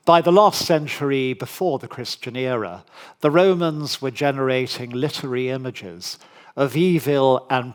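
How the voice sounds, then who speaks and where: Slow, measured male history lecturer. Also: medium pitch. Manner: measured, deliberate delivery with dry asides. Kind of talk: formal public lecture.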